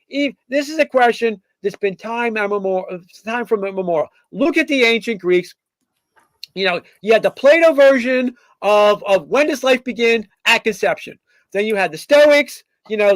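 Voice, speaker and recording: A man with a high voice holds forth in an opinionated political monologue, stumbling through ums and false starts as he goes. The sound is dry and close, with no room around it. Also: no echo. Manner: rambling, many fillers and restarts; acts out quoted figures in mock voices. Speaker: podcast host.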